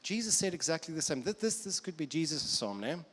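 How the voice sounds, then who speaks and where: A man's voice: on the high side, big pitch swings, a little fast, fairly bright tone. A man with a South African accent, a pastor preaching an earnest sermon who repeats phrases for emphasis. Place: church auditorium. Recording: long church hall reverb.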